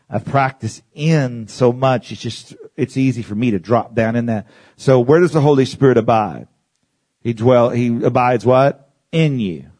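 With an ordinary middle pitch and a slightly mellow tone, a male preacher teaches his congregation, guiding them through exercises step by step. He repeats phrases, says "Amen" often, and calls on the crowd to answer back.

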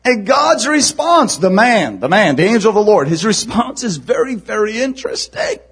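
A male pastor delivers a sermon in a high, husky voice with very lively pitch. He drops to hushed, low stretches and then climbs to near-shouted emphasis. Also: moderate pace. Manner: animated, swings from hushed to shouting.

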